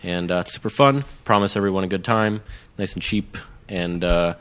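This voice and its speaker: Young dude on a podcast, low voice but really bright, rambles a lot. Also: male voice, moderate pace, clear, resonant tone. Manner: rambling, excitable, lots of "like". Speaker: podcast guest. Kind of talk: casual chat.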